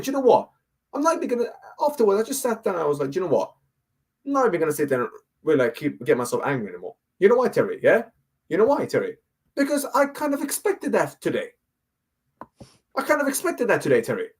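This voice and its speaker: Ranting man, husky voice. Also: on the high side. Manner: ranting, repetitive, keeps asking "yeah?". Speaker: fan guest. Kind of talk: heated fan rant.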